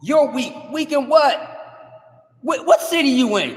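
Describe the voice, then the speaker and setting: Brash male streamer, very high voice, shouty trash talk, echoey room. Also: very animated, moderate pace. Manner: brash, cursing, trash-talking; loud, rising to shouts. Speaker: livestream host. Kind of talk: heated livestream rant. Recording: echoey room with long reverb.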